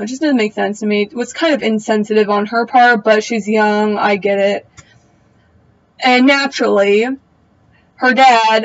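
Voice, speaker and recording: A woman's voice: a little high, highs cut off. A young woman giving a casual, opinionated recap of a TV episode, full of slangy asides. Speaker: TV recap vlogger.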